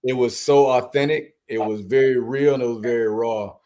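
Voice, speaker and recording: A man's voice: medium pitch, steady tone, moderate pace, mellow, a little hiss or hum, poor audio. A man co-hosting a movie podcast, talking casually in rambling, filler-heavy sentences. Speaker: podcast co-host. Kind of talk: casual movie review chat.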